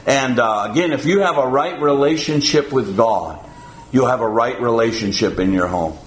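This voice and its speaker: A man preaching a sermon to his congregation in a folksy, halting way, often pausing on "uh" and chuckling. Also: mid-range voice, roomy sound, low-quality recording. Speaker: pastor.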